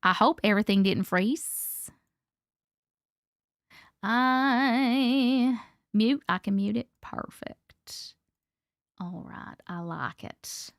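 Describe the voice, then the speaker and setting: High-voiced chatty woman streaming live. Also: drawn-out words, pauses often, no room sound, clean studio sound. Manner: chatty, playful, laughs often, swears casually. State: coughing, needs a cough drop. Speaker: livestream host reading viewer stories. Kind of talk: casual live-stream chat with viewers.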